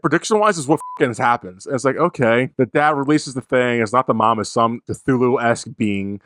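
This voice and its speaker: Brief: male podcast co-host, lively swooping pitch, sarcastic ranting, dry close sound. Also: brisk, few pauses, dry recording. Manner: animated, exasperated ranting with sarcastic asides. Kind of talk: casual movie review chat.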